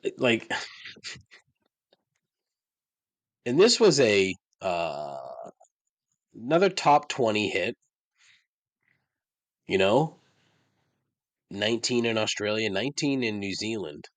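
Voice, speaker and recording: Low-voiced man ranting, dry sound. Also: big pitch swings, takes it slowly, long pauses, no room sound. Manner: ranting, sarcastic, swears often. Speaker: podcast host. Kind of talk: casual monologue.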